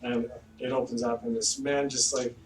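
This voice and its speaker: Casual male game master narrating at mid pitch; roomy, distant sound. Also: moderate pace. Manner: relaxed, casual narration with fillers. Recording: echoey room, distant mic, faint noise.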